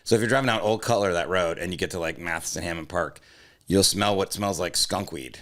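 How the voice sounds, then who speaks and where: A man with a very low voice co-hosting a comedy podcast in loose, casual chat. He rambles from point to point, swears freely and teases the others. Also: a little fast, a bit bright. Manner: rambling, profane, teasing. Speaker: podcast co-host.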